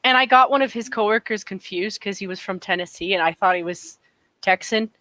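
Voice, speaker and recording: A woman's voice: medium pitch, a little fast, bright, forceful tone, dry recording, poor audio. Chatty Canadian woman, dry sound. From Alberta, Canada. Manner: chatty, laughs often, repeats words. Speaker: podcast co-host. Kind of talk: casual chat.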